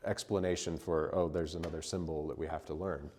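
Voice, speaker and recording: A man's voice: rumbling low, fairly even intonation, a little fast, darkish tone, in a large hall, slight background noise. A man teaching a church music class, explaining at length with fillers and frequent "right?" and "okay?" checks. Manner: sings solfege syllables as demonstrations. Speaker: chant teacher. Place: church hall.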